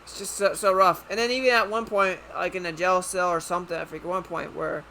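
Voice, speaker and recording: Bright-voiced rambling reviewer. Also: mid-range voice, fairly even intonation, brisk, creaky, slight background noise, low-quality recording. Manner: rambling, loose and chatty with frequent swearing. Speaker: video reviewer. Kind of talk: casual video review.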